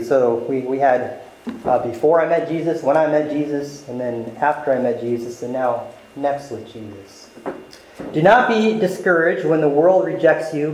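A man with a somewhat high voice gives an emphatic sermon. He acts out quoted lines with extra force. The sound rings around a roomy church hall. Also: darkish tone, slight background noise. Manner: emphatic preaching, acting out quotes with a raised voice. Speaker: pastor.

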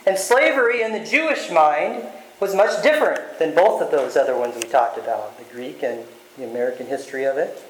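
A man's voice: sits high, fairly bright tone. A man preaching a sermon as pastor, earnest and direct, calling his listeners loved ones and asking them rhetorical questions. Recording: roomy echo.

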